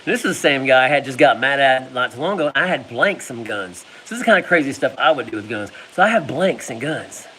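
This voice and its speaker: A man's voice: medium pitch, lively intonation, quick pace, sharp tone, slight background noise, poor audio. A man telling a casual personal story, laughing often and making sound effects. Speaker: vlogger.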